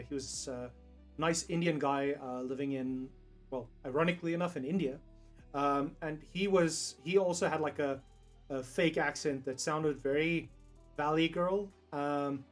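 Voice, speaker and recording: A young man with a South African accent chatting casually on a livestream, rambling, laughing often and swearing freely. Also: fairly high pitch. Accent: South African English. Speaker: streamer.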